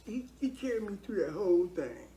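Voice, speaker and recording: Older man with a warm, dark tone, speaking earnestly in a heartfelt testimony and leaning on repetition. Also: high voice, very animated, a little fast, slight background noise. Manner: earnest, preachy, repeats himself for emphasis.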